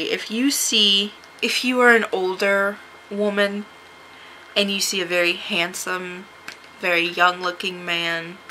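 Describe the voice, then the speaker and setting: An American woman vlogs casually to camera, telling a story with sarcasm and frequent laughter, and her voice leaps to a high, shrill pitch when she acts out what she said. Her tone is sharp, and the rough recording carries slight background noise.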